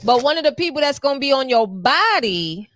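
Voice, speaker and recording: A woman's voice: sits high, big pitch swings, fairly quick, fairly bright tone, a little hiss or hum. A woman giving a tarot reading to her viewers, sassy and playful, full of slang and little acted-out quotes. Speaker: tarot reader.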